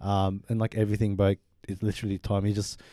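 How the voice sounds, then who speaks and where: A man's voice: on the low side, completely flat delivery, fast talker, mellow, no room sound, clean studio sound. A man co-hosting a podcast in casual chat, laid-back and slangy with a rambling way of talking. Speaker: podcast co-host.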